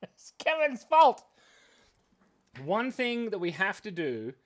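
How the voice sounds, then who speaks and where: A man's voice: high-pitched, huge pitch swings, slow. A man hosting a live drawing stream for kids, chatting playfully and rambling with self-mocking jokes. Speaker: livestream drawing host for kids. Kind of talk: casual live-stream chat.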